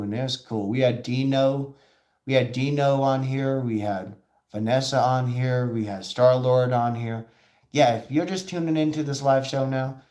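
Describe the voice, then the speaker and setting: A man hosting a live show, talking in rambling, excitable casual commentary and acting out quoted voices as he goes. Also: medium pitch.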